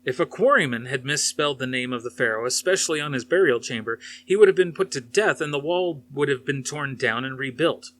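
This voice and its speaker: A man's voice: mid-range voice, lively intonation, brisk, hardly any pauses, fairly bright tone, slight background noise, close to an everyday voice. A man reading aloud, voicing a combative male scholar who lectures with pointed sarcasm. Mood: sarcastic.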